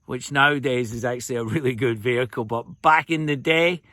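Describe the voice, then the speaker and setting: A man's voice: medium pitch, a little fast, pushed and bright, dry recording, clean studio sound. A Scottish man from Scotland, probably in his fifties, telling jokey, rambling anecdotes outdoors by a remote road in a casual vlog. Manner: chatty, jokey, rambling storyteller. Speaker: fly-tying vlogger.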